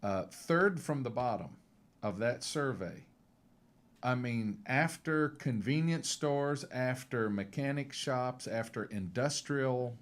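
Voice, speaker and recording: A man's voice: mid-range voice, lively intonation, slow pace. Man, opinionated, wry humor, casual talk show.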